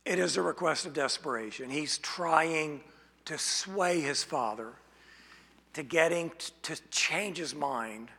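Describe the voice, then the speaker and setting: Man preaching, gravelly husky voice, bright tone, slow deliberate pace, long hall reverb. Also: fairly high pitch. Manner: slow, deliberate delivery with rhetorical questions. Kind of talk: expository sermon.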